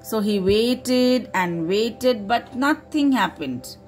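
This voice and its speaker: A woman's voice: a little high, lively intonation, takes it slowly, soft background music. A woman teacher from India reading a story aloud to children, stopping to explain words as she goes.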